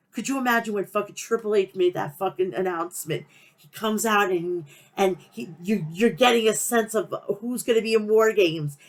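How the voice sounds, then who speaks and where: A woman with a nasal Long Island New York accent hosting a wrestling podcast, talking in a profane, passionate, rambling rant. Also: mid-range voice. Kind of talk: casual rant.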